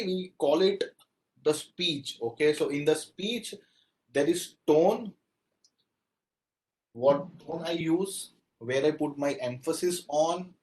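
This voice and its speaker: A man's voice: on the high side, a little mellow, poor audio. A man with an Indian accent giving a classroom lecture, acting out example phrases and switching into Hindi now and then.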